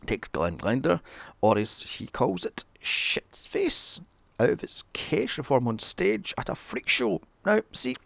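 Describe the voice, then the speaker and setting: A British man narrating a sweary, comedic movie recap, his voice swooping wildly up and down with a gravelly rasp at the bottom. He wanders into sarcastic asides, and the sound is dry and close. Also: mid-range voice, wildly swooping pitch, measured pace, fairly bright tone, no echo. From Britain. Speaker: film reviewer.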